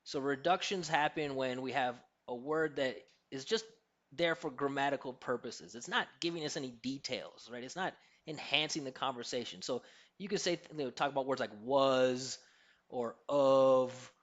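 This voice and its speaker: A man's voice: mid-range voice, normal speed, fairly bright tone, muffled recording. A man with an American accent, an accent coach answering interview questions in an emphatic, teacherly way and demonstrating pronunciations.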